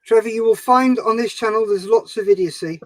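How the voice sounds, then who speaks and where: A man's voice: sits high, brisk, dry recording, poor audio. A man hosting a model-building livestream, bantering and teasing his friends on a group call. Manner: teasing, jokey.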